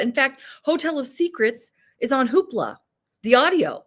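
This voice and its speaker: A woman's voice: medium pitch, sing-song, normal speed. A woman in her thirties hosting a casual livestream, chatting bubbly with viewers and laughing often. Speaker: livestream host. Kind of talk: casual live chat reading comments.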